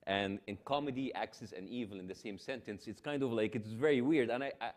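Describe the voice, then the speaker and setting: Halting Egyptian-accented male interviewer. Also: lowish voice, darkish tone. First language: Arabic. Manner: halting, many restarts and fillers. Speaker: television host and interviewer.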